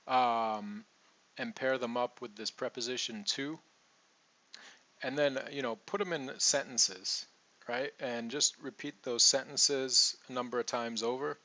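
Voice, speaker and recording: Male coach, bright tone, patient drill repetition, muffled recording. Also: medium pitch. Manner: patient, repeats example sentences slowly. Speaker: accent coach. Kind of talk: relaxed teaching monologue.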